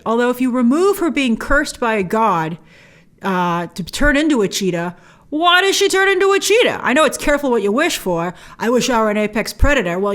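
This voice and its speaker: A woman's voice: a little high, fairly bright tone. A woman hosting a movie trailer breakdown, talking with wry, joking asides. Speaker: movie trailer reviewer host.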